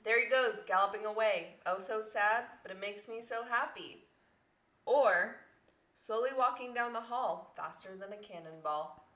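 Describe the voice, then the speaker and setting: A woman's voice: medium pitch, moderate pace, fairly bright tone. A woman hosting a casual podcast game, teasing her friends as she reads out lyrics for them to judge. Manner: teasing quizmaster reading out lyrics. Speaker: game host. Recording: echoey room.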